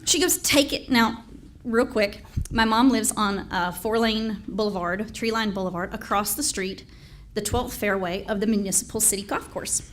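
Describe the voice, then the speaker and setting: A woman's voice: mid-range voice, normal speed, a little hiss or hum. A woman telling a funny story at a storytelling contest, laughing between lines and swearing freely. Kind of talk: live competitive storytelling.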